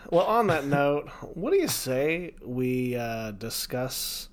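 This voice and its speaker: A man's voice: mid-range voice, very animated, very slow. Joking young man co-hosting a podcast. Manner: jokey, rambling, self-mocking. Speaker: podcast co-host. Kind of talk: casual podcast chat.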